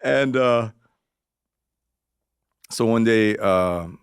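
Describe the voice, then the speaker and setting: Podcast guest: a man in his forties, low gravelly voice, rambling and profane, close and dry. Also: very slow, no echo. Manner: rambling, profane, acts out quotes in raised voice. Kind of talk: casual storytelling interview.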